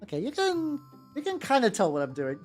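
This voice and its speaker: A woman's voice: fairly high pitch, wildly swooping pitch, brisk, a little mellow. A woman streaming as she paints miniatures, chatting casually, stammering, repeating herself and swearing freely. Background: faint background music.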